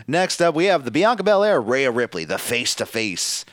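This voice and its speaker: A man's voice: mid-range voice, sing-song, moderate pace, a bit bright, no room sound. A man hosting a casual wrestling podcast, recapping matches in a profane, laughing, storytelling way. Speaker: podcast host.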